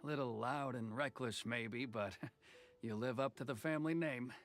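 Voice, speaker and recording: A man's voice: mid-range voice, a bit bright. A man voicing a reserved, dry-witted official in a game. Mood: restrained. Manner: measured and restrained, with a dry wit. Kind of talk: game dialogue.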